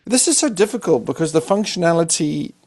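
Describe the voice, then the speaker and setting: A man hosting a casual technical chat, hesitant and gravelly, trailing off softly. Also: fairly high pitch, expressive, brisk.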